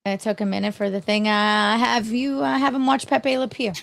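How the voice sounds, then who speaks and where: A woman's voice: a little high, little pitch movement, moderate pace, gravelly, fairly bright tone. A woman hosting a casual stream, chiming in with easygoing, curious questions. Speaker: host. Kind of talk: casual chat.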